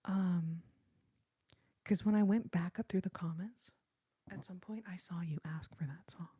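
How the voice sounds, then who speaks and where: A woman in her early forties whispering softly and giggling as she chats with viewers on an ASMR livestream. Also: on the low side, a little slow, breathy edge, dry recording, clean studio sound. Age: early 40s. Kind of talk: whispered ASMR live chat.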